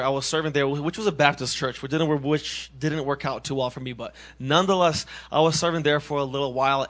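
A man in his twenties from Massachusetts, sharing his personal testimony as a youth minister in an earnest, animated way, often restarting his sentences. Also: medium pitch. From Massachusetts, USA.

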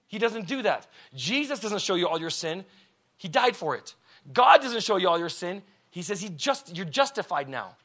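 A male preacher giving a passionate, casual sermon that swings from quiet explanation to shouting. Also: sits high, animated, normal speed. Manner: casual, conversational phrasing.

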